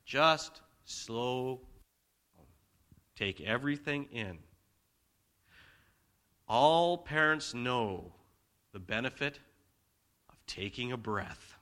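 A man preaching a conversational sermon in church, swinging between loud emphasis and quiet asides. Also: medium pitch, lively intonation, slow pace, pauses often. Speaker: pastor.

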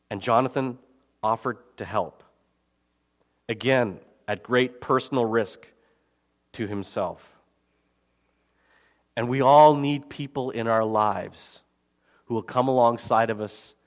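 A man preaching a sermon as pastor, swinging between loud emphasis and quiet, soft asides. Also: medium pitch. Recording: long hall reverb.

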